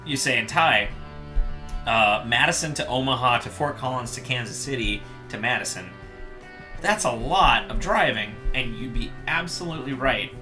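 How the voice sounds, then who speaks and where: A man's voice: normal speed, faint music behind. A man co-hosting a band podcast, telling road-trip stories in casual chat and breaking into playful sung impressions. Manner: animated storyteller, mimics singing in falsetto. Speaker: podcast co-host, band member.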